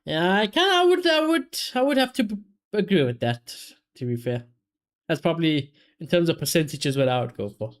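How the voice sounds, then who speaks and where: A man, casually commentating a football match for his live chat and reacting loudly to chances. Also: fairly high pitch, lively intonation, a little fast. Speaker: streamer hosting a football watchalong.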